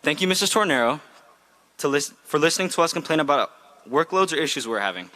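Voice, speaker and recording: A man's voice: a little high, very animated, quick pace, sharp tone. A young man, a graduating student, giving an earnest, heartfelt graduation speech read from a script. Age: young adult. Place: outdoor graduation ceremony.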